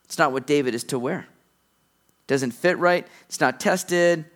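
Male pastor, middle-aged, high voice, lively sermon delivery that acts out the characters' lines. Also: measured pace. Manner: animated preaching, acting out characters' lines.

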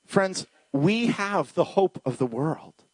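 A man preaching a sermon as a pastor, telling a personal story and acting out the dialogue, at times dropping to a hushed voice. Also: sits high, big pitch swings, slow pace, husky, dry recording.

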